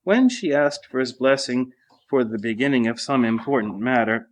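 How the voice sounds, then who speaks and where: A man reading a saint's life aloud in a monastery refectory at mealtime, measured and even, with small slips. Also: medium pitch. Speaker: reader. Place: monastery refectory during a meal.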